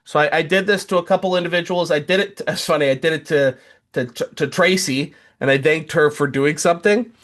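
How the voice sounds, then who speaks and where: A man's voice: on the high side, fairly quick, a bit bright. A man co-hosting a casual podcast, telling rambling stories with stammered restarts and sarcastic jokes. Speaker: podcast co-host.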